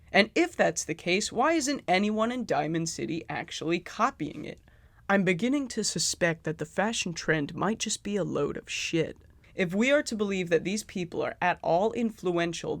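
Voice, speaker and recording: A man's voice: sits high, no echo. A man giving sarcastic, profane commentary on a video game. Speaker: video essayist.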